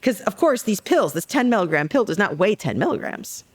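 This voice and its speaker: A woman psychologist talking as a guest on a podcast interview, telling stories in a lively, joking way. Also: mid-range voice, brisk, slightly rough. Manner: lively, jokey storytelling.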